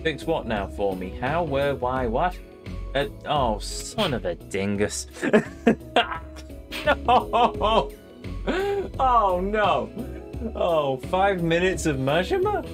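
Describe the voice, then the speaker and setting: A man's voice: mid-range voice, huge pitch swings, measured pace. Man, let's play commentary, dry and self-mocking, swooping up and down, game music underneath. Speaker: gaming host.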